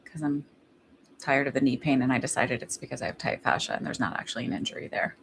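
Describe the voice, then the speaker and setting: A woman with a low voice chats her way through a psychic reading on a live stream. She rambles, leans on lots of fillers and restarts, and laughs between thoughts. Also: animated, quick pace, gravelly, background noise. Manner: rambling, filler-heavy chat. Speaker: psychic medium.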